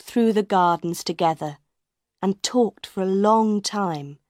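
A woman narrating an audiobook in a slow, clear, simple delivery. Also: mid-range voice, a little mellow, no echo, clean studio sound.

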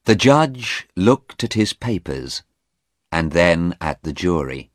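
A man reading an easy-English audiobook in a slow, deliberate scripted narration. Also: deep voice, sing-song, dry recording, studio quality.

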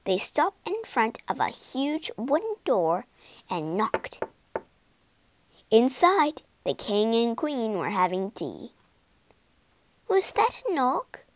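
Storybook narrator: woman, high and animated, unhurried, dry close sound. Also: dry recording. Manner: slow, lively storytelling with big character voices. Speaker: storybook reader. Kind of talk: expressive storybook read-aloud.

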